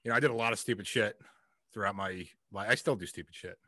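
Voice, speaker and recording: A laid-back man chatting and laughing easily, swearing in a relaxed way. His voice is bright and forward, dry and close to the mic. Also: on the low side, quick pace, no echo. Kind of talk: casual chat.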